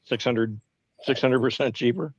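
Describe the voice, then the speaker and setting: A man's voice: mid-range voice, normal speed, highs cut off. A man co-hosting a livestream in casual chat, sarcastic and jokey, swearing freely. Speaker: co-host on a livestream.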